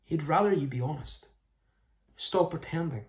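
A man's voice: fairly high pitch, normal speed, darkish tone. A man, preaching a sermon in an earnest, conversational way, often posing questions to his listeners. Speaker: pastor. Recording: roomy echo.

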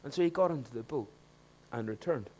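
A man preaching a sermon, swinging between hushed asides and loud, emphatic points. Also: mid-range voice, expressive, brisk, slightly rough.

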